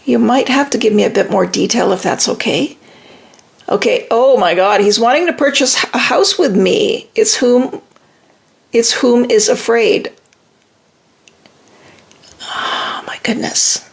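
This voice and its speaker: A woman's voice: a little high, unhurried, gravelly. A middle-aged woman hosting a live relationship-advice stream, reading viewer comments aloud and answering in an emphatic, reassuring way.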